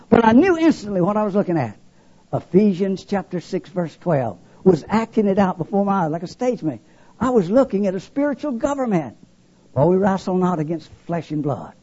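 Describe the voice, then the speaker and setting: An older man preaches a testimony in a husky, fairly high voice that leaps and drops dramatically. His tone is dark and mellow under the emphasis. The recording is dull and lo-fi. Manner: dramatic, swinging between loud emphasis and hushed lows. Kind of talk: sermon testimony.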